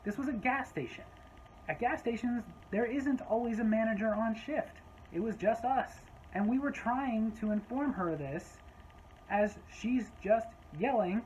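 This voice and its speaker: A woman's voice: medium pitch, moderate pace, darkish tone, muffled recording, a little hiss or hum. Woman storyteller, casual vlog delivery, wry and exasperated tone. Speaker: storyteller, former gas station clerk.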